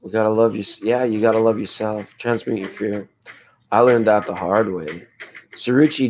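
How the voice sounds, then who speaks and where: A man with a hoarse voice hosting a laid-back late-night tarot livestream, chatting with viewers in a rambling, spiritual way. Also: fairly low pitch, moderate pace, slight background noise. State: hoarse from screaming at a football game. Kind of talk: casual late-night chat reading viewer comments.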